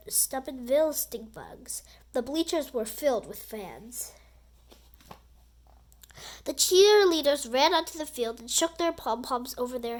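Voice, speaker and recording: A woman reading a children's book aloud in an animated, expressive storytelling voice. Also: high voice.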